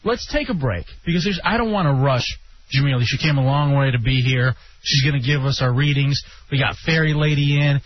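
A man's voice: medium pitch, brisk. A man hosting a radio talk show, joking and teasing his guest and crew in a brash, casual way. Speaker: radio host. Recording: dull broadcast audio with faint noise.

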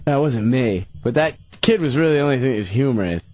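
A man's voice: mid-range voice, quick pace, no echo, muffled recording. A young man, a regular on a radio talk show, telling a rambling story and slipping into voices. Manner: rambling, animated, doing voices. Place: radio studio.

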